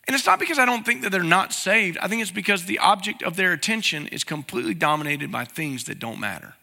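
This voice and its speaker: A man's voice: sits high, sing-song, fast talker, vocal fry, pushed and bright, long reverb tail. A man, preaching a sermon as pastor and talking to the congregation with plain questions. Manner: conversational, asks the congregation questions.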